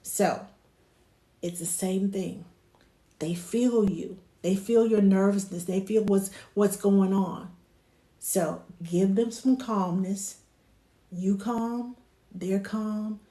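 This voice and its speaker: A woman's mid-range voice, steady in tone and slow, offers casual advice on soothing babies drawn from her childcare work. The room echoes, and she lowers to a hushed, soothing voice when quoting herself talking to the babies.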